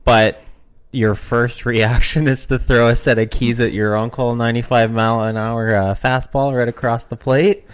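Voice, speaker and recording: A man's voice: mid-range voice, steady tone, moderate pace, clean tone, no room sound. A man co-hosting a podcast in casual chat, sarcastic and profane, cracking wrestling jokes. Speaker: podcast co-host.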